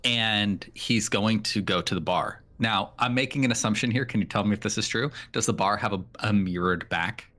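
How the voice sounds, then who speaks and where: A man's voice: on the low side, normal speed, few pauses, fairly bright tone. A man playing a tabletop game, thinking aloud and hesitating as he describes his character's actions. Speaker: player. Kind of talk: casual game talk.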